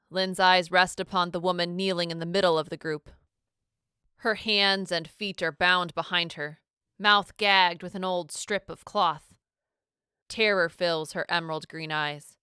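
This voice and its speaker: Low, smooth-voiced woman narrator for a dramatic audiobook, close and dry. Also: pushed and bright, no echo. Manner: measured, dramatic storytelling.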